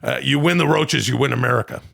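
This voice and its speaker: A man putting on a ranting middle-aged conspiracy radio host, with a gravelly, shouting delivery. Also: medium pitch, fast. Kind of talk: comedic impression.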